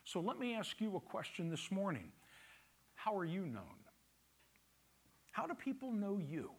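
A man's voice: sits high, wildly swooping pitch, unhurried, a little hiss or hum. A man preaching a sermon to his congregation in a church, talking in a conversational, teasing way. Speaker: pastor. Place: church sanctuary.

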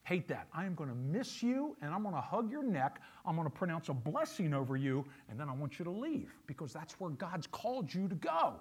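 A man's voice: on the high side, sing-song, fairly quick, few pauses, breathy edge. A male pastor preaching a sermon, emphatic, repeating key phrases and asking the congregation questions.

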